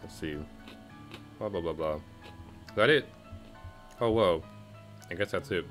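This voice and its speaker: A man's voice: low-pitched, moderate pace, soft background music. A man casually reviewing game updates in a rambling way, with lots of fillers and self-corrections. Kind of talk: casual commentary. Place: home, music playing behind.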